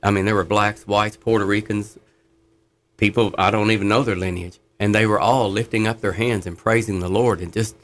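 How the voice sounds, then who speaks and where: A man's voice: lowish voice, fairly even intonation, normal speed, a bit bright. A middle-aged man sharing his faith testimony in conversation, fervent and earnest, telling stories with laughs.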